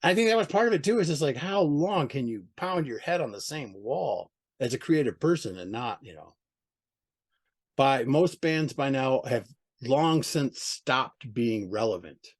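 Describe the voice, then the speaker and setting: A man's voice: medium pitch, expressive, unhurried. A man giving a casual interview as a record label owner, blunt and profane, with mocking asides. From United States.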